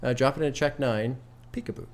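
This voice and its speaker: A man's voice: mid-range voice, a little fast. A man hosting a casual album reaction, rambling through tangents with loose swearing and laughs at his own stories. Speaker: music reaction host.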